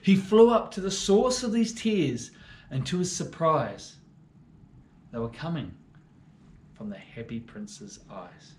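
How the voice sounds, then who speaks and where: A man reads a story aloud for children with lots of expression. His voice is slightly high and moves between bold and hushed lines. There is an echoey room and faint background noise. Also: expressive, slow pace, pauses often.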